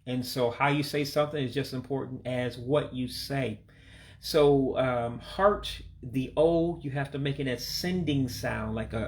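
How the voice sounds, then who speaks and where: A man who speaks English as his first language gives a casual vocabulary lesson, repeating each word slowly and pronouncing it carefully. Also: mid-range voice. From United States. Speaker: language learner teaching vocabulary.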